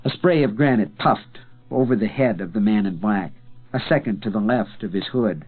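A man narrates a novel in a low, measured voice, leaning into dramatic pauses. The sound is thin and narrow, like audio over a telephone line. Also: soft background music. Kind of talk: scripted narration. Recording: tinny phone-like sound.

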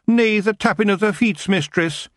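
A man voicing the excitable male chief of tiny fairy warriors, with a thick Scottish accent. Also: high voice, normal speed, dry recording, clean studio sound, voice pushed up, natural voice. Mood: wailing. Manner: loud, excitable, whining.

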